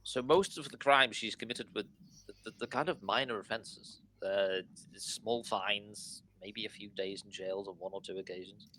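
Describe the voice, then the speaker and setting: A man's voice: lowish voice, normal speed, bright, forceful tone, a little hiss or hum. A man voicing a nervous male gnome father who stammers and repeats his words. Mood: worried.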